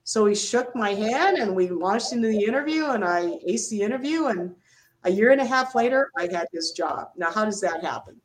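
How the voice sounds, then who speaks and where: A woman's voice: mid-range voice, normal speed, slight background noise, poor audio. An older woman, a retired Navy doctor, telling stories in an interview and acting out the quotes. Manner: animated storyteller, acts out quotes. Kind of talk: storytelling interview.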